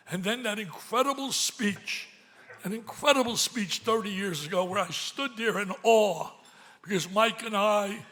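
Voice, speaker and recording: An older man giving an emotional gala speech, swinging from loud excitement to hushed pleading, at a podium microphone in a large banquet hall. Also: sits high. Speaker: speaker at a charity gala.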